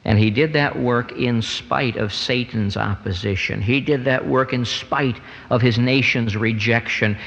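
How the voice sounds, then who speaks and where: A man's voice: a little slow, vocal fry, hardly any pauses. Man preaching in an echoing hall. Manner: dramatic swings in pitch and loudness, rising to emphatic peaks. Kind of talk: sermon.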